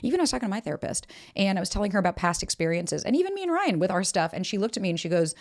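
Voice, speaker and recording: A woman's voice: mid-range voice, sing-song, very fast, hardly any pauses. A woman in her thirties hosting a podcast, giving candid relationship advice in a blunt, emphatic way with casual swearing. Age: 30s. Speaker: podcast host.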